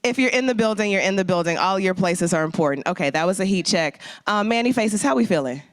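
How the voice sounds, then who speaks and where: A man from St. Louis hosting a conference, giving opening remarks and hyping the crowd with playful shout-outs, his throat slightly strained. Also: sits high, animated, fast, no room sound. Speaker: conference host.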